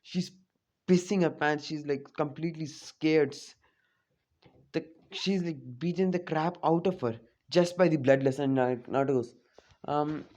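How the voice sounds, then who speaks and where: A man's voice: fairly high pitch, unhurried, a little mellow. A young man casually telling a fan-made story, rambling with many fillers. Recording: dull lo-fi recording.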